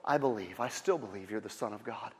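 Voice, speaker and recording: A man voicing a grieving woman who quietly and repeatedly declares her faith. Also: on the low side, brisk, long reverb tail, a little hiss or hum, voice pushed down, lightly acted. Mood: quiet resolve. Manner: repetitive, soft and hushed.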